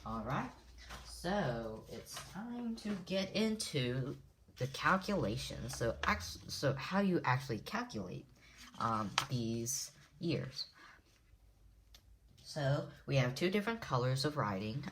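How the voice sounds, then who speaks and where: A woman teaching a language lesson in a casual way, repeating words slowly syllable by syllable. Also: rumbling low, a little hiss or hum.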